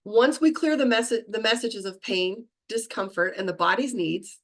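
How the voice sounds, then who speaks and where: A middle-aged woman teaching a meditation class, talking fast and chatty and laughing at herself. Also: fairly high pitch.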